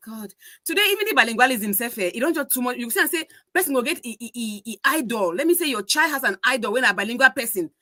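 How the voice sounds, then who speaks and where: A woman's voice: on the high side, animated, fast talker, pushed and bright. A young woman with a Nigerian accent in a casual podcast chat, thinking aloud with restarts and mixing Pidgin into her English. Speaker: podcast co-host.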